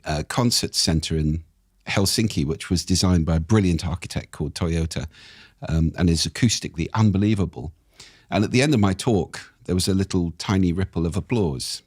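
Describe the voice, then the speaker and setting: A man, a speaking expert and podcast guest, explaining things in a measured way with examples, his voice a little croaky. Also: low-pitched, a little mellow, no echo, studio quality. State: slightly croaky. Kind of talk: explanatory interview talk. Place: podcast studio.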